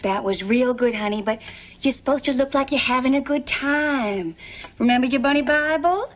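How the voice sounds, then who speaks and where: An actress playing a brisk, folksy woman who trains new waitresses and calls them honey. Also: high-pitched.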